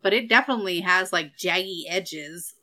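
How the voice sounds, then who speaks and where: A woman's voice: on the low side, normal speed, bright, forceful tone. A woman co-hosting a podcast in casual chat, laid-back and wry, swearing now and then. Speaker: podcast co-host.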